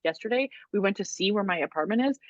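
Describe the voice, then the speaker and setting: A woman's voice: mid-range voice, fast talker, dry recording, dull audio. A woman co-hosting a podcast, telling stories in casual chat, full of "like"s and laughter. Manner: animated storytelling with many "like"s and laughs. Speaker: podcast co-host.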